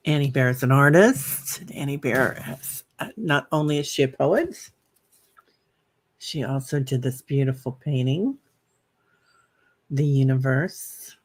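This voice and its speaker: A woman hosting a live meditation stream. She chats with viewers, reads out their comments with plenty of fillers, and guides the breathing with soft, slow cues. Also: very deep voice, lively intonation. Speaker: meditation host.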